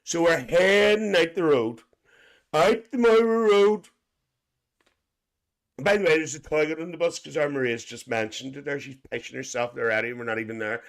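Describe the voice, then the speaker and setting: A man's voice: mid-range voice, fast, hardly any pauses. A Northern Irish man hosts a casual live stream, reading out viewers' comments and spinning a loose, joking story for them. He talks in a chatty, teasing way and slips a chuckle in every few lines. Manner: chuckles often between lines. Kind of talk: casual live chat, imagined coach trip.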